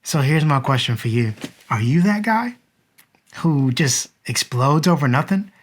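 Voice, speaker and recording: A man's voice: a little high, animated, unhurried. A man, in his thirties, earnestly telling a personal story to the viewer and reflecting on it as a father. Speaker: vlogger and father.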